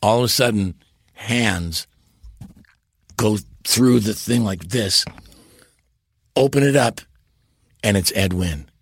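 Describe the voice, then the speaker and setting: A man in his sixties, an interview guest, telling stories in an animated way and breaking into impressions and big laughs. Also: on the low side, takes it slowly, long pauses, husky, no echo. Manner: launches into impressions and laughs loudly. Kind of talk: animated storytelling.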